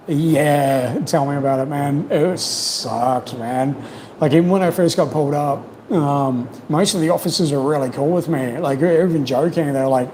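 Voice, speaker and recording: This New Zealand man's voice sits slightly high and mellow, moving at a moderate pace as he hosts a casual livestream. He tells stories openly, with plenty of swearing and fillers. The poor audio has some background noise.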